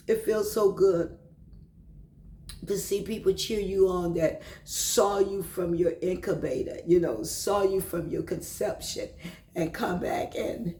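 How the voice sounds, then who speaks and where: A woman's voice: fairly low pitch, mellow, reverberant, rough recording. A woman telling a devotional story in an emotional, repetitive way, now and then dropping into a whisper. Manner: emotional, repeats herself, drops into whispers.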